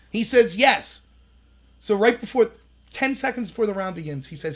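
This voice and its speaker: High, lively-voiced man telling stories. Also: normal speed. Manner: animated storytelling, acts out quoted voices. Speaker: livestream host. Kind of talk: casual livestream commentary.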